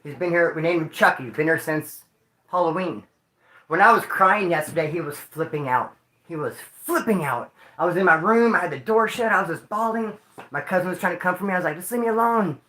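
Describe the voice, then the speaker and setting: A man with a slightly high voice talks a bit fast, his tone pushed and bright, and the room echoes around him. He's a grieving livestream host chatting casually and emotionally with his viewers in slang, calling them homeboy and dude.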